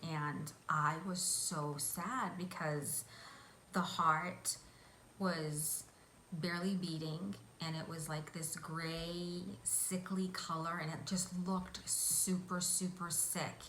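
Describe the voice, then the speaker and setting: A woman guest vividly recounting a hypnosis vision in an interview, excitable as she tells it. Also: fairly low pitch. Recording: echoey room, faint hiss.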